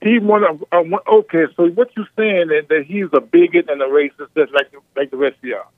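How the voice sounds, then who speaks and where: A man's voice: on the high side, fairly quick, no room sound. A man from California calling into a talk show, argumentative and repeating his points. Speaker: caller. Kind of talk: phone-in conversation. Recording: tinny phone line.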